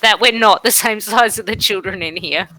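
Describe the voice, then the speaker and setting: A woman's voice: medium pitch, moderate pace, sharp tone, no echo, low-quality recording. A woman playing in a tabletop game, chatting in a playful, joking way. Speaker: player.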